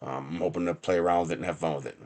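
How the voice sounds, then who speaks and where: A man's voice: rumbling low, fairly even intonation, racing, darkish tone. A man hosting a casual live stream from his home workshop bench, rambling and chuckling with sarcastic asides. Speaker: livestream host.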